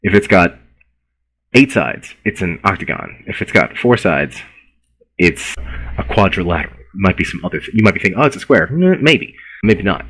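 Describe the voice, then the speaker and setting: A man's voice: low voice, fairly bright tone, rough recording. A man giving a university philosophy lecture in a conversational way, often restarting words and repeating himself.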